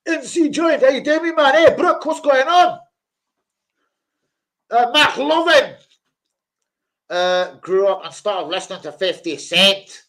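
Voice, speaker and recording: A young football channel host with a very high-pitched voice speaks slowly, with long pauses, during a live stream chat about transfer news. He's animated and jokey, reading viewers' names aloud from the chat.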